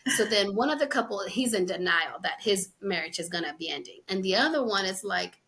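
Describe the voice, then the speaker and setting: A woman's voice: medium pitch, animated, brisk, creaky, sharp tone. A woman hosting a podcast in casual chat, laughing often and acting out conversations. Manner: chatty, laughs often, acts out quoted dialogue. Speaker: podcast host.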